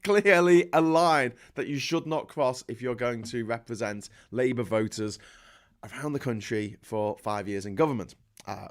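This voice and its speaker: A man's voice: medium pitch, a bit bright. Scouse guy hosting a politics stream, sarcastic, rambly, keeps restarting his sentences. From Liverpool, England. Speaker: political livestream host. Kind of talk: casual political commentary reading viewer comments.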